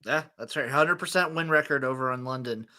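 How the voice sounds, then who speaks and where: A man's voice: medium pitch, brisk, pushed and bright. A young man hosting a podcast, talking football in a blunt, profane, exasperated way. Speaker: podcast host. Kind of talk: casual sports chat.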